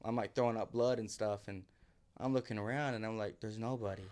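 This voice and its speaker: A man's voice: fairly low pitch, fairly even intonation, a little fast, darkish tone. Man telling a wild survival story. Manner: vivid, acts out his own quotes, drops to near whisper. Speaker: podcast guest. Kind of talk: casual storytelling.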